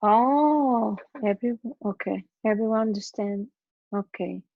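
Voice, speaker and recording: A woman's voice: medium pitch, measured pace, creaky, narrow, tinny audio, slight background noise. A woman studying English, working through grammar practice aloud, hesitating and correcting herself. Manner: hesitant, self-correcting, repeats words while thinking. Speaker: English student.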